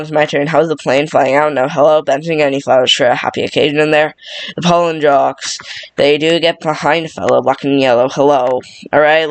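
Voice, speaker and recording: A man racing through a full movie script read-through in a monotone, tripping over words and restarting lines. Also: fairly high pitch, no room sound.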